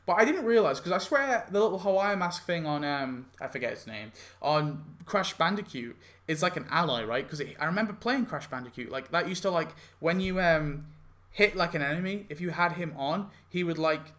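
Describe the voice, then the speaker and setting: Speaking at a moderate pace, this young game YouTuber has a slightly high, expressive, fairly bright voice. His casual commentary on a mobile game event concept rambles, full of "like" and self-corrections.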